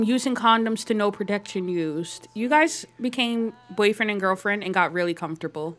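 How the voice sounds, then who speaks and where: A woman giving casual, chatty commentary on her life-simulation game, laughing often and voicing her characters' thoughts in quick asides. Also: medium pitch. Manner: chatty, giggly, voices her characters playfully. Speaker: gaming YouTuber. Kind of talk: casual Let's Play commentary.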